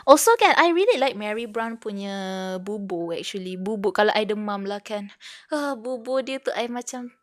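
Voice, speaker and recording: A woman's voice: mid-range voice, lively intonation, moderate pace, hardly any pauses. A young Malaysian woman with a Malaysian English accent, chatting casually on her livestream and switching between English and Malay. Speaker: VTuber streamer. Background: faint background music.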